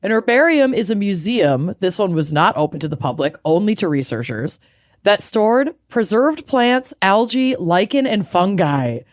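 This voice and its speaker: A woman's voice: mid-range voice, big pitch swings, normal speed, dry recording, clean studio sound. Bubbly woman co-hosting a podcast. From Minnesota. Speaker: podcast co-host. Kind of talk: casual chat.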